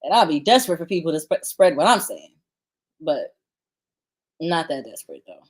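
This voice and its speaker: A woman's voice: low-pitched, sing-song, moderate pace, husky. Blunt, sarcastic woman commentator. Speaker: commentary host. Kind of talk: reaction commentary.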